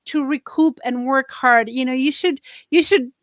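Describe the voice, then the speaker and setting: Effusive, chatty woman host, fairly high voice. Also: normal speed, no room sound, studio quality. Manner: chatty, effusive, many fillers. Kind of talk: casual online interview.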